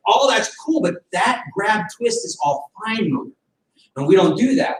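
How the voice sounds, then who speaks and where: Heard from a distance in an echoey room, a man leads a self-defense class at a moderate pace in a voice that sits high. He acts out fight situations with lively energy, punctuated by abrupt shouts.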